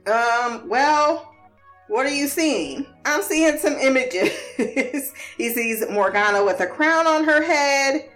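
High-voiced woman in a laughing, profane recap. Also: expressive, slow pace, a bit bright, soft background music. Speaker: TV episode recapper. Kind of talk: casual episode recap.

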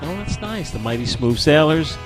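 A man's voice: fairly high pitch, animated, normal speed, music in the background. A man hosting a podcast in casual chat, rambling and jokey. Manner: rambling, jokey, laughs often. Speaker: podcast host.

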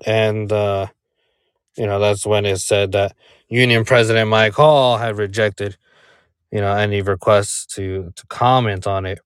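A man speaks slowly in a lowish voice, wandering through his point with fillers and a constant "right?". His voice is smooth and resonant. The sound is dry and close. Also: steady tone, no echo. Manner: rambling, many fillers and rhetorical "right?". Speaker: podcast co-host. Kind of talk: casual commentary. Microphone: remote call.

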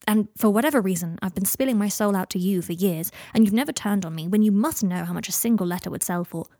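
A woman reading a story plays a weary, lonely young investigator. He speaks plainly and quietly, a bit hesitant, in a middle pitch. The recording is dry and close. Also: fast, no echo, close to an everyday voice. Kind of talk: audiobook reading of fan fiction.

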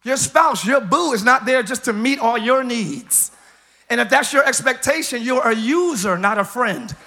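A man preaching a live church sermon as pastor, joking with the congregation, hyped up and breaking into shouts and laughs. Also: very high voice, lively intonation, normal speed. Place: church service.

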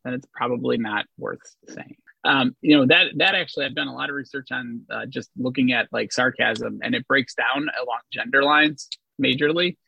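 A man's voice: mid-range voice, creaky, bright, forceful tone, husky, dry recording. A man co-hosting a teaching podcast, reflecting aloud with many "like" fillers and posing questions to the others. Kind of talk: casual educational discussion. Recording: dull, dry lo-fi sound.

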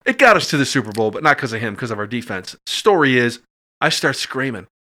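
Bright-voiced middle-aged man telling a story. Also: medium pitch, brisk. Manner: animated, acts out voices when excited. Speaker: podcast guest. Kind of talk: casual storytelling.

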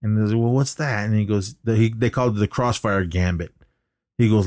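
A man's voice: lowish voice, a little fast, darkish tone, no room sound, studio quality. A man co-hosting a casual podcast, recapping a movie plot in a rambling way, full of fillers and acted-out lines. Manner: rambling retelling with many fillers, acting out lines. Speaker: podcast co-host.

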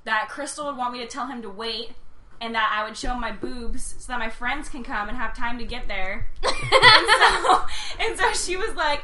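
A woman's voice: on the high side, animated, normal speed, reverberant, noisy background. A young woman on a podcast, giggly and blunt in casual chat.

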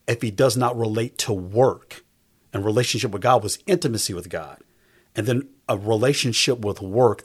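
A husky-voiced man in his fifties, speaking as a guest in a faith-based conversation. He talks emphatically, with a preacher's cadence, and circles back to repeat his key lines. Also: lowish voice. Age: 50s. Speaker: guest on a faith talk show.

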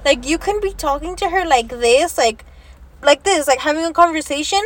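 A woman's voice: high-pitched, normal speed. A young woman in casual chat who swears freely, laughs often and drops Spanish words into her talk. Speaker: vlogger.

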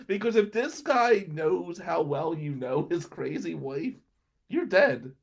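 A man's voice: fairly high pitch, sing-song, unhurried, gravelly, breathy edge. A young man telling a rambling personal anecdote and laughing between lines. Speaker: storyteller. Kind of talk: casual anecdote.

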